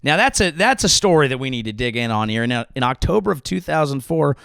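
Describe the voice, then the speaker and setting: A man's voice: mid-range voice, very animated, quick pace, vocal fry, a bit bright, clean tone, no room sound, studio quality. A man hosting his comedy podcast, delivering a sarcastic, rambling monologue full of restarts.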